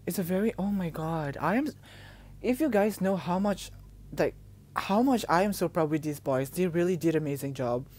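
A woman's voice: on the low side, expressive, normal speed, darkish tone. A young woman from the Philippines, gushing and emotional as she reacts to a music video, exclaiming often.

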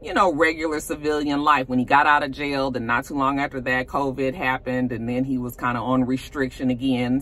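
Sassy lady doing a casual tv recap, bright voice, lots of "you know" asides. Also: low voice. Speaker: reality TV recap vlogger.

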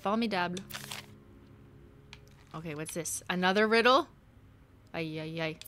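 A woman's voice: lowish voice, normal speed, noisy background. A young woman streaming a game live, playfully commenting and reading letters aloud, joking around and slipping into mock accents.

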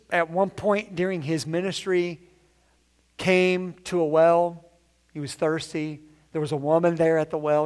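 A man preaching a conversational sermon in a church, acting out the voices of the people he quotes. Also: sits high. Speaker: pastor. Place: church sanctuary.

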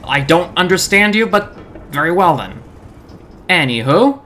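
A man's voice: a little high, sing-song, unhurried, pushed and bright, slight background noise. A man commentating a video game playthrough in a jokey, sarcastic way with sudden yelps. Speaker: let's-play gamer.

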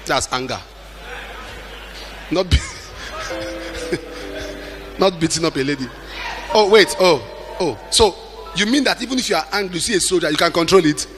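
A middle-aged man preaching a sermon with emphatic delivery, at times shouting and acting out the people he quotes. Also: high-pitched, animated, a little slow, pauses often, music in the background.

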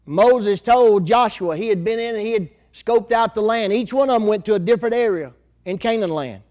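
Older preacher, high-pitched and folksy. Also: male voice, moderate pace, a little mellow. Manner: folksy, conversational preaching with rural grammar. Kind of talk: sermon.

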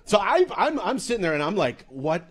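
A man from Canada, a comedian giving a comedic storytelling talk in a loose, profane, animated way. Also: high voice, brisk, a little hiss or hum. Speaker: comedian and speaker.

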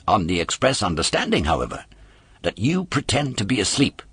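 A crafty storybook polecat who bargains in a low, wheedling murmur, put on by a male reader. His voice is husky and dry, with a lively rise and fall as he talks. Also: no echo, exaggerated voice. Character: sly greedy male polecat, smooth-talking.

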